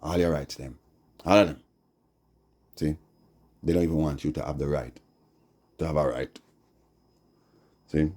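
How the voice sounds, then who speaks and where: A man with a Jamaican accent preaching slowly on a live stream, dropping "see?" and "yeah?" between his lines. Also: rumbling low, steady tone, a little mellow. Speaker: Rastafari livestreamer. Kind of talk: rambling livestream preaching.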